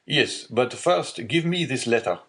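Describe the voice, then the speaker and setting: A man's voice: mid-range voice, expressive, a little slow, a bit bright, pitched above the performer's own voice. A man voicing a stern male deputy prosecutor in an audiobook, stiff and formal, giving orders.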